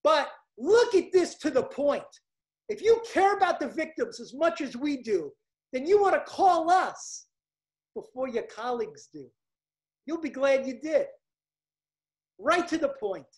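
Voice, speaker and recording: A woman with a Brooklyn accent giving an emphatic, hyped-up seminar sales pitch as a coach. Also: sing-song, unhurried, darkish tone.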